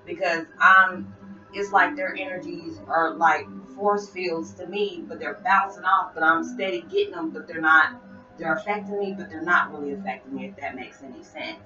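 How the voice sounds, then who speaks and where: A woman's voice: fairly low pitch, moderate pace, sharp tone. Rambling woman vlogger in a roomy room. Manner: rambling, repeats phrases, addresses viewers directly. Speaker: spiritual vlogger. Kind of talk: casual spiritual talk to viewers. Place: at home, listening to music. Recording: roomy, distant, dull sound with music. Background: music playing.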